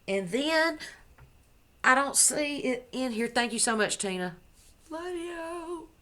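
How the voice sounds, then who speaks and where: A woman's voice: fairly high pitch, lively intonation, a little slow, fairly bright tone. A woman crochet vlogger chatting casually to the camera at home, gushing as she shows off her gifts and correcting herself as she goes. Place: at home indoors.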